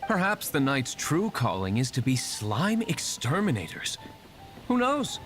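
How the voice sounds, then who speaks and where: A man's voice: mid-range voice, wildly swooping pitch, a little slow, music in the background. An actor playing a brooding young male tavern owner in a video game, speaking curtly with dry sarcasm. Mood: dryly sarcastic.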